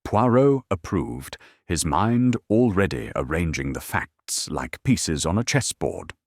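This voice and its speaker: A man narrates a detective story in a steady, descriptive manner. His voice is deep yet moves expressively. The recording is dry and close. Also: slow pace, dry recording. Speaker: audiobook narrator. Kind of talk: scripted narration.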